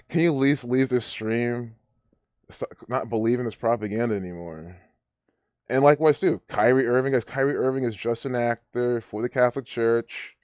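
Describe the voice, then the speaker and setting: A man's voice: mid-range voice, darkish tone, no room sound, clean studio sound. A man hosting a live stream, ranting and rambling with many restarts as he comments. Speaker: livestream host.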